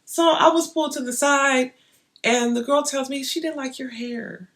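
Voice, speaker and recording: A young woman vlogging, chatting straight to her viewers in an animated, storytelling way. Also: high voice, moderate pace. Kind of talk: casual storytelling to camera.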